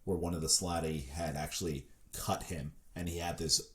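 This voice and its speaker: A man's voice: deep voice, steady tone, normal speed. A man running a tabletop game as game master, narrating scenes in a laid-back way with frequent chuckles.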